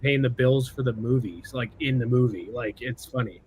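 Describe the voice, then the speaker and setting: A man's voice: medium pitch, a little fast, a little mellow, rough recording. A man co-hosting a casual livestream with joking banter.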